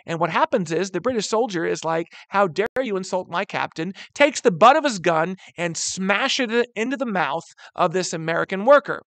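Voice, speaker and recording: High-voiced animated male history teacher. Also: normal speed, hardly any pauses, no echo. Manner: animated, keeps addressing listeners as "guys"; acts out quotes in brief voices. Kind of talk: recorded history lecture.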